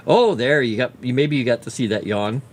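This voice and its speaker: A man's voice: medium pitch, fairly quick, slight background noise. A man casually chatting on a livestream while drawing a fantasy map, muttering to himself and cooing at his pet.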